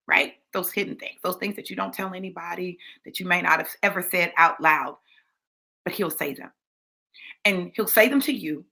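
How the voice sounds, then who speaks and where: A woman's voice: lowish voice, normal speed, gravelly, pushed and bright. A woman preaching a sermon in a sassy, conversational way, repeating phrases for emphasis. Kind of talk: sermon teaching.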